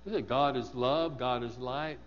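A man's voice: mid-range voice, moderate pace, long reverb tail. Guy preaching a sermon, asks the room questions, kinda muffled recording. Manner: asks the congregation questions, repeats words for emphasis.

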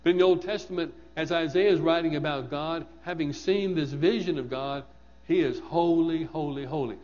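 A man's voice: on the high side, normal speed, a little mellow, big-room sound, lo-fi sound. A man preaching a sermon, asking his congregation questions and repeating words for emphasis.

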